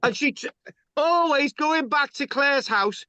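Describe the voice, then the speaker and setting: A man's voice: very high voice, measured pace, bright, forceful tone, no room sound. A man telling stories in casual chat, rambling and stammering, tagging lines with "right?". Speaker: channel host. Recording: dull lo-fi sound.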